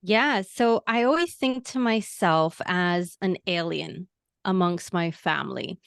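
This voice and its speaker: A woman's voice: lowish voice, takes it slowly, gravelly, smooth, no echo, clean studio sound. A middle-aged woman from Queens, New York, with a New York accent with a mild Latina lilt, speaking as a bubbly, effusive interview guest. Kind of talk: casual interview.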